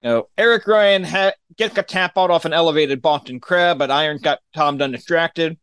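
A man's voice: fairly high pitch, moderate pace, a bit bright, clean tone, no room sound. A man casually recapping a wrestling show on a podcast, giving dry, matter-of-fact play-by-play with his own opinions.

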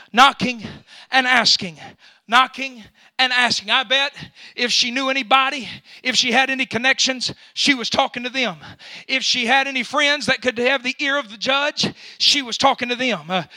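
High, bright-voiced fiery preacher man. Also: no room sound. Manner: impassioned, shouting, punctuating phrases with "uh". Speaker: pastor. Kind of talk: fiery Pentecostal sermon.

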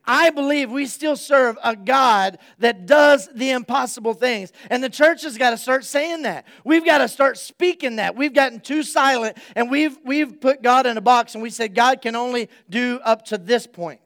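A male pastor giving an energetic, conversational sermon and speaking straight to his congregation. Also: very high-pitched, normal speed, few pauses.

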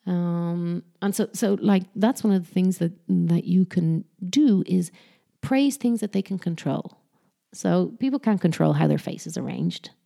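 A woman with a lowish, gravelly voice talks casually about raising kids. Her tone is mellow and dark, and she restarts her sentences often, like someone thinking aloud. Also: measured pace. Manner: chatty, self-correcting, slips into mock sing-song voices when quoting. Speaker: parent giving parenting advice. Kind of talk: casual talk to camera.

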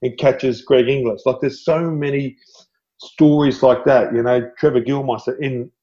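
A man's voice: medium pitch, normal speed, muffled recording. A middle-aged Australian man, a former footballer guest, telling stories animatedly and laughing often. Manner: animated storyteller, laughs often, says "mate". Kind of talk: storytelling interview.

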